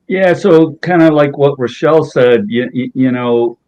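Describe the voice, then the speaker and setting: A man's voice: medium pitch, unhurried, darkish tone. A man on a panel speaking conversationally and repeating words now and then. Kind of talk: casual chat. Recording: muffled lo-fi audio.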